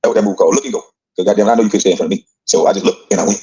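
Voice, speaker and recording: A man's voice: low voice, rapid-fire, warm tone, muffled recording. A middle-aged man telling a brash, boastful, profane story as a former player.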